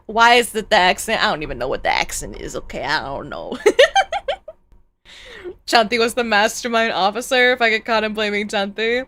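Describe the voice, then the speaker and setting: A woman's voice: mid-range voice, moderate pace, no echo. A woman streamer giving joking, rambling reaction commentary on a video, close to a streaming mic. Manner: joking, animated, rambling asides. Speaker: VTuber streamer.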